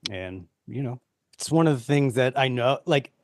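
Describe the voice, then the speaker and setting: A man hosting a podcast, chatting in a relaxed, easygoing way with fillers. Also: medium pitch, moderate pace, dry recording, clean studio sound. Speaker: podcast host. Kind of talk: casual chat.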